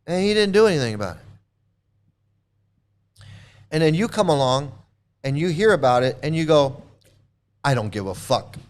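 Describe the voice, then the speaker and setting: A man rants at his viewers with angry, mocking sarcasm, circling back over the same phrases and stuttering through restarts. His voice is smooth and clear and sits a bit high for a man. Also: expressive, moderate pace, pauses often. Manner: repetitive, stammering restarts. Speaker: commentary video host. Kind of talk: ranting commentary to viewers.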